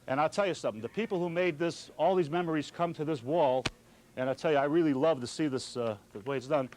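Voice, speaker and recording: A man's voice: a little high, fast talker. A man, a restaurant owner hosting a party who tells genial anecdotes to his guests. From Chicago. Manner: genial anecdotal storyteller, addresses the crowd. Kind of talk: speech to party guests and interview answers. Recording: loud party crowd behind. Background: crowd of party guests chatting.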